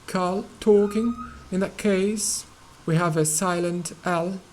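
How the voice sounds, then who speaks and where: A man teaching an English pronunciation lesson, hesitating often with fillers and restarts and repeating words slowly to model their sound. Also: high voice, fairly even intonation, slight background noise, poor audio.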